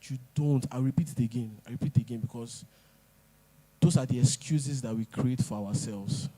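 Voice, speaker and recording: A man's voice: medium pitch, normal speed, mellow. A man giving a motivational talk at an event, emphatic and repeating his points. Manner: emphatic, repeats lines, pidgin asides. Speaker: speaker.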